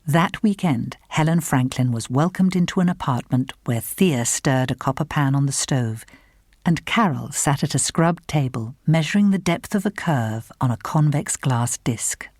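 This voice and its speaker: A woman narrating a literary novel in an audiobook, with measured, even storytelling. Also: deep voice, dry recording, studio quality.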